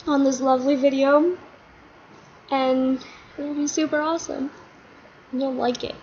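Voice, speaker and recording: A chatty woman vlogger rambles through a silly story, her voice a little high. The recording is slightly muffled, with a faint hiss underneath. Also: little pitch movement, a little slow, pauses often.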